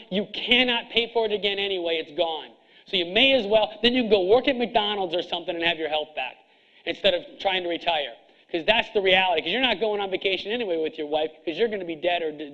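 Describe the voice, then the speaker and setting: A man's voice: high-pitched, a bit bright, muffled recording. A middle-aged man who coaches other chiropractors gives a seminar speech to an audience, blunt and preachy, firing off rhetorical questions.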